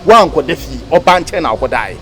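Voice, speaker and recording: An actor playing a friend who scolds and lectures insistently, with a Ghanaian accent. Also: male voice, on the high side, sing-song, measured pace, fairly bright tone, a little hiss or hum, full character voice. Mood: scolding. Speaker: friend giving advice. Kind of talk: Ghanaian comedy film acting.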